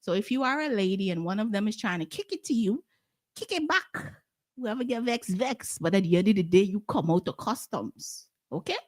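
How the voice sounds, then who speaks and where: Guyanese woman telling a lively story. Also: medium pitch, fairly quick, hardly any pauses, dry recording, studio quality. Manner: animated, acts out quoted voices. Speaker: guest. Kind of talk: casual storytelling.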